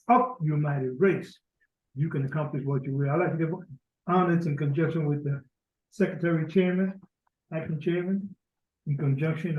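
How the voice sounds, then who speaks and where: A man with a high voice leads a temple meeting, rushing through invocations and praises. The sound is muffled and echoes around the room. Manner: rapid, run-on invocations and praises. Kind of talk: opening prayer and greetings at a religious meeting.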